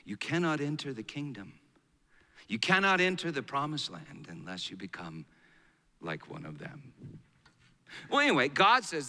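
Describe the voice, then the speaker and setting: Animated preacher in an echoing hall. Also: male voice, fairly high pitch, moderate pace. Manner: dramatic swings from hushed to loud. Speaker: pastor. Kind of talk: sermon. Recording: long reverb of a large hall.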